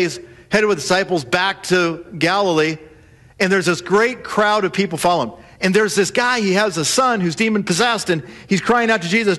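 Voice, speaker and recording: A man preaching a sermon, telling scripture stories lively and acting out the voices of the people in them. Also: high-pitched. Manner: animated, acts out quoted voices. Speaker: pastor.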